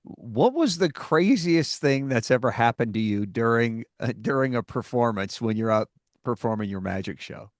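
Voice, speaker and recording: Male podcast host, mid pitch, quick reactive interjections, dry close mic. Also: animated, no room sound. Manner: reacts with quick laughs and short exclamations. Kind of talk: interview questions.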